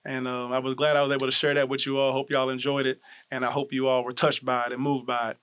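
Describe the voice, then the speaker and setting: A man closing out his show in a relaxed, low-key way, with plenty of fillers. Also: quick pace, clear, resonant tone. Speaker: show host. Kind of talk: casual sign-off to viewers.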